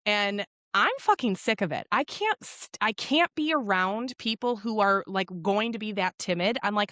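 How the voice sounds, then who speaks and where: A woman hosting a podcast interview, talking in an energetic, emphatic way with frequent swearing. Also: mid-range voice, moderate pace, hardly any pauses, no echo, clean studio sound. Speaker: podcast host.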